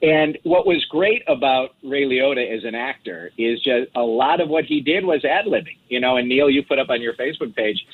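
A man's voice: medium pitch, normal speed, few pauses, slightly rough. A man chatting casually as a guest commentator, talkative with many restarts and fillers. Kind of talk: casual chat. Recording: lo-fi phone line.

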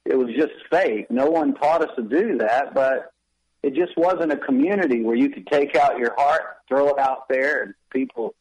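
A man's voice: medium pitch, normal speed, a little mellow, dull audio. Candid man telling his own story. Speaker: pastor and author. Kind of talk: personal testimony in a radio interview.

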